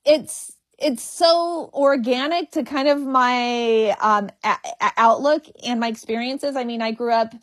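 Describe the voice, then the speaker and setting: A woman's voice: on the high side, a little slow, hardly any pauses, no echo. A woman comedian speaking frankly and humorously in an interview, stuttering and repeating the first sounds of words. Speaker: comedian guest. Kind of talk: candid interview conversation.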